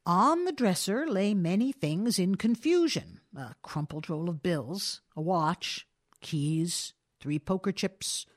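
A woman reading a classic short story aloud in scripted narration. Her voice sits in a middle pitch but moves lively up and down, and she tells the tale expressively with dramatic pauses. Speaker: audiobook narrator.

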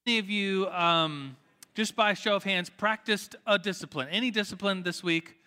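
A young man leading an informal church teaching, talking in a lively, conversational way with many fillers and self-corrections. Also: high voice, normal speed, clear, resonant tone, big-room sound. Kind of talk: informal sermon with table discussion. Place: room with tables full of listeners.

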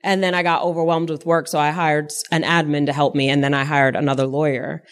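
A woman's voice: sits low, flat delivery, a little fast. A woman co-hosting a podcast, chatting casually and laughing easily. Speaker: podcast co-host. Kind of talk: casual conversation.

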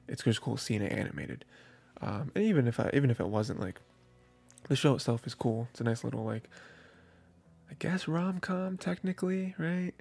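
A man hosts an anime review show, rambling through a casual recap full of fillers and laughing as he goes. His voice is medium in pitch, gravelly, and somewhat dark in tone.

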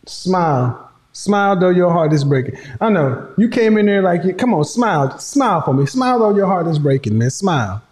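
A man's voice: high-pitched, sing-song, a little fast, hardly any pauses, a little mellow, roomy sound. A man hosting a casual commentary, teasing and mocking with frequent laughter. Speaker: host.

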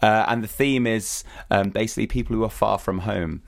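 Hoarse guy with a lowish voice, podcast cohost rambling happily, dry close mic. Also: brisk, no room sound. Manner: enthusiastic, rambling, giggly. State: hoarse from singing. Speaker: podcast co-host. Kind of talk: casual podcast chat.

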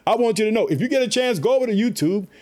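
A man's voice: sits high, animated, rapid-fire, darkish tone. A man preaching an informal online sermon, fervent and repetitive, calling his listeners family. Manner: fervent, repetitive calls of "guess what".

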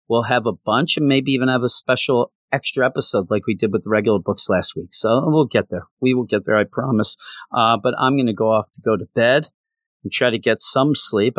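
A man's voice: medium pitch, fairly even intonation, moderate pace, no echo. A man hosting a podcast, rambling in a casual, self-deprecating and jokey way on a close mic. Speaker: podcast host. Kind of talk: casual chat.

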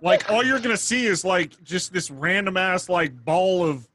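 A man's voice: high-pitched, expressive, normal speed, very noisy. A man playing in a tabletop game, speaking hesitantly in casual chat. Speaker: player.

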